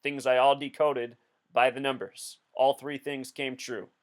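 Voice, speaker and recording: A man's voice: medium pitch, little pitch movement, unhurried. A man hosting a video, talking through a casual commentary in an insistent, explanatory way. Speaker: video host.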